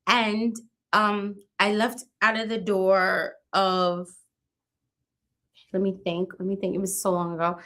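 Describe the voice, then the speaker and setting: A woman in her fifties giving an emotional personal account as an interview guest, halting and restarting, often repeating small tags. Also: mid-range voice, level tone, fairly bright tone. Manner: halting, restarts and repeats "you know what I mean".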